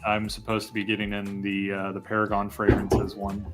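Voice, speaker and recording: A man's voice: fairly low pitch, monotone, moderate pace, loud music behind the voice. A man co-hosting a live stream, talking enthusiastically in a loose, rambling way. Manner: enthusiastic, rambling, frequent fillers. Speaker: co-host of a fragrance live stream. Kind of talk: casual chat.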